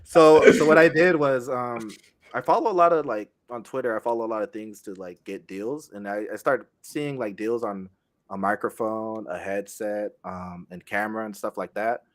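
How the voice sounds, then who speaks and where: A young man talks on a podcast in a low-set voice. He speaks haltingly and softly, stopping and restarting often as he tells his story. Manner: halting, many fillers and restarts, soft-spoken. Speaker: guest streamer. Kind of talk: casual podcast chat.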